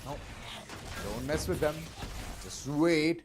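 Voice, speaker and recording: A man casting an esports match, energetic play-by-play commentary. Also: on the high side, normal speed, slight background noise. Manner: energetic, building hype. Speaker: esports caster.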